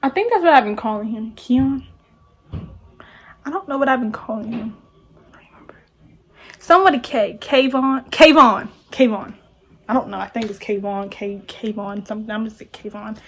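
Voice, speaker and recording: A woman's voice: fairly high pitch, normal speed, pauses often, fairly bright tone, husky. Emotional young woman telling a story. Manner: emotional, rambling, repeats herself. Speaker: vlogger. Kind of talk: casual storytime.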